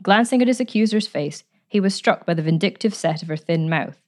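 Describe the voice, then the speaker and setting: A woman narrating a story aloud in a measured, even way. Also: mid-range voice.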